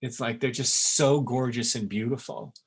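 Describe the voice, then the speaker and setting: A man teaching in a webinar, in an earnest and emphatic way, with sudden lively jumps in pitch. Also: moderate pace, slightly rough. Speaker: essence maker teaching a webinar. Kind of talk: webinar talk. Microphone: webinar recording.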